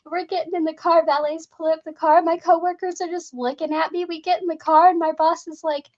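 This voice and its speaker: High-voiced chatty woman telling stories. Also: fast talker, highs cut off. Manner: lively anecdotes, frequent fillers, acts out both sides of dialogue. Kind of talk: casual storytelling chat.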